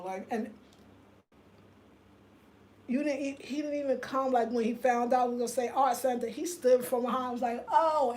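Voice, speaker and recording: A woman, hosting a casual livestream rant, telling an animated story straight to her viewers and reading their comments aloud. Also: a little high. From United States. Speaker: host.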